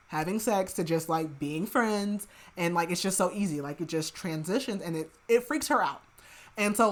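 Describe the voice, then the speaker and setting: A woman hosting a podcast, recapping a book in casual chat, rambling with lots of filler "like" and dropping into soft murmured asides. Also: medium pitch. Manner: rambling, heavy use of filler "like", chatty asides; laughs at her own remarks, drops to soft murmured asides. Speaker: podcast host.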